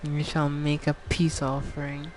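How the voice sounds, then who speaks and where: A woman's voice: low voice, completely flat delivery, unhurried, a little mellow, slight background noise. A woman putting on a wrathful, regal female fennec fox demon, speaking in theatrical, mock-archaic threats.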